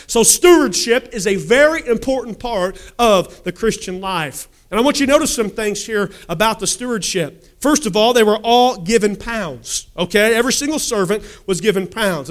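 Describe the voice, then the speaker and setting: A man preaching an emphatic sermon, reading scripture and pressing the congregation with questions and calls for amen. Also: high-pitched.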